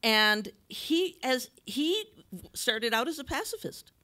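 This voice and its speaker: This is a woman acting as moderator at a panel forum. Her voice sits a touch high. She talks in a relaxed, thoughtful, conversational way. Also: slow pace. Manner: conversational, thoughtful, with light laughter. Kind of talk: panel discussion remarks.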